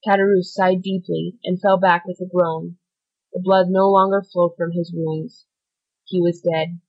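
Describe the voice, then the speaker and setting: A woman with a fairly low voice narrates a classic novel in a steady, measured reading. The recording sounds dull and lo-fi. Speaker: audiobook narrator. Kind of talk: scripted narration.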